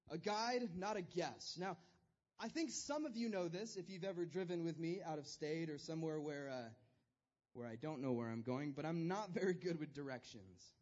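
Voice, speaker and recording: A man's voice: on the high side, darkish tone, muffled recording. A man preaching a sermon as pastor, in a loose conversational style with self-deprecating humor.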